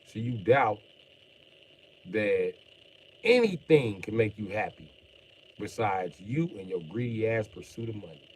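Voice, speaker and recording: A middle-aged man ranting bluntly and profanely on a live stream, jumping from mutters to sudden shouts while joking around. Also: medium pitch, slight background noise, rough recording. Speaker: livestreamer.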